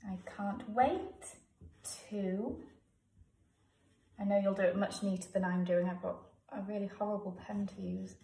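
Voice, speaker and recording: A woman with an English accent teaching a home writing lesson to young children. She talks slowly and sounds words out letter by letter. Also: medium pitch, flat delivery, creaky, mellow. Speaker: primary school teacher. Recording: echoey room, voice from a distance.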